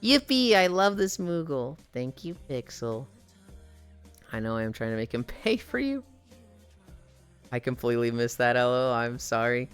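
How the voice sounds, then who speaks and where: A woman streamer chatting casually while walking on a treadmill, telling animated, profane stories and sounding tired. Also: extremely low pitch, moderate pace, pauses often, smooth, faint music behind.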